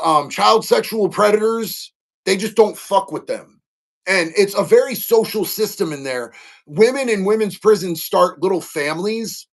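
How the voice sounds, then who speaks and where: A man's voice: on the high side, a bit bright. A man hosting a casual livestream, talking candidly and earnestly to viewers, with lots of slang, swearing and fillers. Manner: earnest and heartfelt. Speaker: livestream host answering chat. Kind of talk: casual unscripted talk to viewers.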